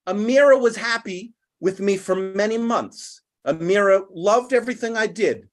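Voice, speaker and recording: A man hosting an online group, ranting angrily and bitterly at its members and swearing as he goes. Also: normal speed. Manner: heated, bitter, swearing, with big swings in pitch. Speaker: host of an online English class group. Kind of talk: angry rant to an online group.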